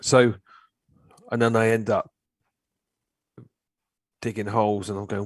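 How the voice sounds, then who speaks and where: Man, middle-aged, low-pitched, dry sound, animated storytelling, casual chat. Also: a little slow, dry recording. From England. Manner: animated storytelling, swears freely. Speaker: guest, therapist.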